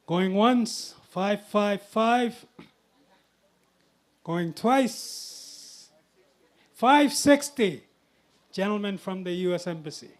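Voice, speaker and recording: A man with a high voice calls bids at a live charity auction and speaks slowly, drawing out each number. He teases the bidders in a jovial way while speaking into a handheld microphone.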